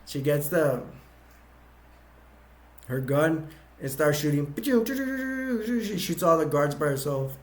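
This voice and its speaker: Guy recapping a movie, kinda higher voice, lots of ums and restarts, just rambling along. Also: big pitch swings, slow pace, long pauses. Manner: rambling, many restarts and fillers. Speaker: movie reviewer. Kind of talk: casual plot retelling.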